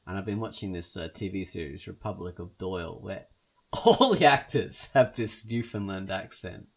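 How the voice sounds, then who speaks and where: A Canadian man hosts a podcast in a very low, gravelly voice with a husky edge. He chats playfully, teasing and slipping into silly voices. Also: animated, normal speed. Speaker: podcast host. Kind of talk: casual chat.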